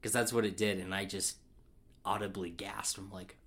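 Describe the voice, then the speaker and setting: Low-voiced rambling man chatting. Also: moderate pace. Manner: excitable, rambling with many fillers and restarts. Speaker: podcast co-host. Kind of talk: casual film review chat.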